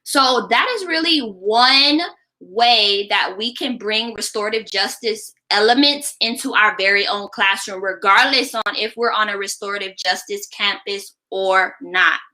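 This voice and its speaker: Bright-voiced woman teacher explaining. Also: medium pitch, a little slow, rough recording. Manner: explanatory, often checks in with a tag question "right?". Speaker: teacher and education creator. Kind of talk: instructional classroom-management video.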